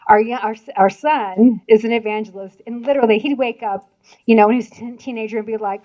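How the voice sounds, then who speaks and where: Speaking fast to a church audience, an older Indiana woman is chatty and animated, her fairly high voice often breaking into laughing asides. The recording is dull and lo-fi.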